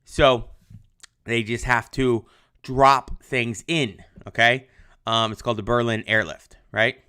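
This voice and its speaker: A man's voice: medium pitch, steady tone, takes it slowly, bright, forceful tone, smooth. A young adult male history teacher giving a casual livestreamed lesson, chatty with lots of ums, answering viewer comments. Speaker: high school history teacher.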